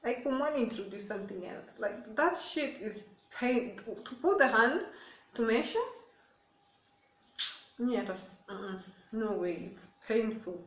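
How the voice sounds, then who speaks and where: A young Kenyan woman vlogger shares a personal story casually and emotionally, circling back and repeating herself. Her voice is a little high and measured in pace, and she sits away from the mic in an echoey room that makes her sound hollow.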